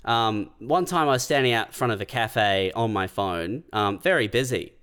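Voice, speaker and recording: A man, co-hosting a podcast, telling sweary, deadpan stories in casual comedic chat. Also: lowish voice, moderate pace, clear, resonant tone. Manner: sweary, deadpan storytelling with laughs. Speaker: podcast co-host.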